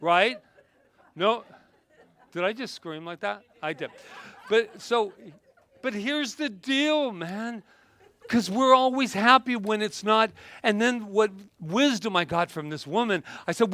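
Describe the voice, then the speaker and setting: A man giving a lively motivational talk with props, playful and laughing often, breaking into sudden exclamations. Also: high voice, takes it slowly, dry recording.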